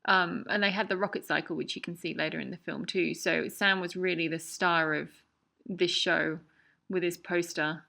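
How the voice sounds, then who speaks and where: A woman's voice: fairly low pitch, steady tone, moderate pace, creaky, pushed and bright. A woman who made the documentary, chatting and joking through its audio commentary. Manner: chatty, laughing, self-deprecating. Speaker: documentary filmmaker.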